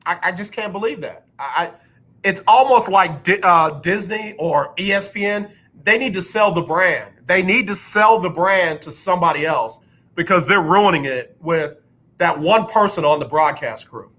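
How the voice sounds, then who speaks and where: In a radio studio, a sports talk host rants with blunt force, hammering points home through repetition at a moderate pace. His bright, forceful voice runs a little high for a man and has lively intonation, and he sometimes lampoons others with an inflated announcer impression.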